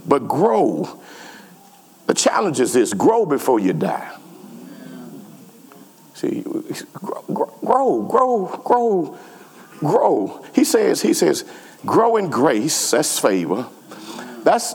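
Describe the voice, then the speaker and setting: A man preaching a sermon as pastor, repeating phrases and calling out to his congregation. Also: medium pitch. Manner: repetitive call-and-response preaching. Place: church sanctuary. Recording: long church reverb.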